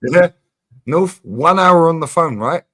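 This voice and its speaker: A man hosting a casual livestream chat, animated and emphatic, swearing freely and repeating his points. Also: fairly high pitch, takes it slowly. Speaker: streamer host.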